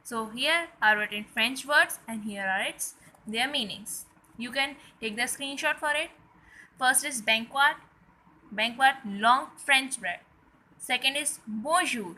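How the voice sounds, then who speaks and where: A woman teaching French words slowly, repeating each one for viewers to say along. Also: fairly high pitch, bright, forceful tone, low-quality recording. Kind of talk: French vocabulary lesson.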